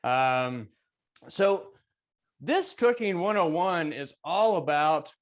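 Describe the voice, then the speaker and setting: Man, Arkansas accent, cooking teacher, folksy jokes, slightly high voice. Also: measured pace. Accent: Arkansas Southern. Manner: folksy and joking, friendly asides. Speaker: chef and cooking instructor. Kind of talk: casual cooking lesson.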